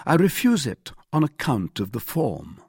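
A man voicing a mild, cool young male musketeer who speaks with measured politeness. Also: mid-range voice, huge pitch swings, creaky, darkish tone, husky, no room sound, clean studio sound, pitched above the performer's own voice, heavily acted.

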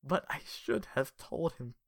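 Woman voicing a quiet subdued man. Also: very deep voice, a little slow, no echo, studio quality, pitched above the performer's own voice, full character voice. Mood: sad. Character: soft-spoken grieving adult man. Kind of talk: audiobook character voice.

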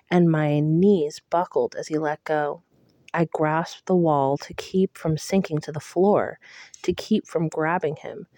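A woman reading a first-person novel aloud in a hushed, intimate way. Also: sits low, no room sound, clean studio sound. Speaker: audiobook reader.

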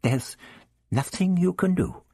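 A man reading aloud and voicing an elderly, calm and wry male traveller who speaks gently and muses. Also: sits high, slow, husky, no room sound, studio quality, pitched above the performer's own voice, heavily acted. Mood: gentle. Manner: gentle, musing, fussy.

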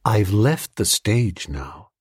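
Reserved young former actress, polite, husky tone, voiced by a man. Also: on the low side, animated, slow, dry recording, studio quality, pitched below the performer's own voice, full character voice.

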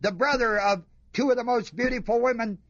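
A man preaching a sermon, reading scripture aloud and commenting on it with emphatic rhetorical questions, dropping to a hush and then rising with fervor. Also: very high voice, a little fast, no echo, muffled recording. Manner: emphatic, rhetorical questions to the congregation, swings between hushed and fervent.

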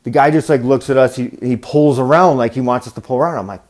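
Profane, animated man telling a story. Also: mid-range voice, fast talker, hardly any pauses. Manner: profane, animated, bursts into loud rants. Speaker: podcast host. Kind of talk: casual storytelling monologue.

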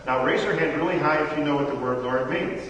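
A man's voice: on the high side, fast, a bit bright, a little hiss or hum. Middle-aged male preacher, chatty sermon, asks the crowd questions, distant mic in a reverberant hall. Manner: conversational preaching, quizzes the congregation. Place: church hall. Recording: echoey hall from far off.

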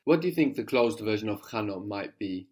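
Low-voiced male teacher who coaches patiently through question and answer. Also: expressive, fairly quick, darkish tone. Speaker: language teacher. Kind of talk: guided language lesson.

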